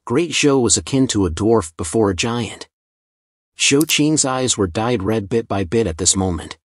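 A man narrating a fantasy story recap in a measured, scripted reading. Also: on the low side, slightly rough, dry recording, studio quality.

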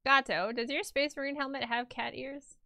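A woman streaming casually as she draws, excitable and swearing while chatting with viewers. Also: high voice, normal speed, dry recording. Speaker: live-streaming artist.

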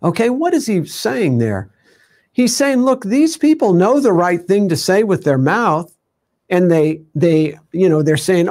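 A man's voice: high voice, big pitch swings, unhurried, darkish tone. A man teaching a conversational sermon, full of fillers and asides, acting out everyday voices as he goes. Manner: conversational, many fillers, acts out quoted voices. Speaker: teacher of a ministry show.

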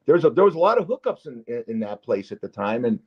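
A man's voice: medium pitch, very animated, quick pace, slightly rough. An older man hosting a podcast in casual chat, teasing and rambling and talking over his guest. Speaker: podcast host. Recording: dull lo-fi sound.

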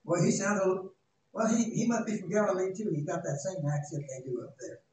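Man, pastor, sermon, shouting climaxes, folksy humor, very echoey room, faint noise. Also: high-pitched, animated, fast talker. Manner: dramatic, shouting at peaks, folksy asides. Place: church sanctuary. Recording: echoey church, distant mic, faint noise.

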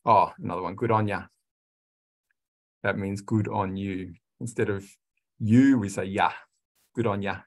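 A man giving an informal talk to students, slow and relaxed, with many pauses and restarts. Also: lowish voice. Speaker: student services presenter. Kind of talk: informal lecture to international students.

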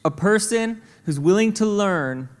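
A man preaching a sermon as senior pastor in a church, conversational and animated, acting out the voices of children and God. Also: sits high, a little slow, smooth. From St. Louis, Missouri. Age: adult with kids. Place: church auditorium. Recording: reverberant church hall.

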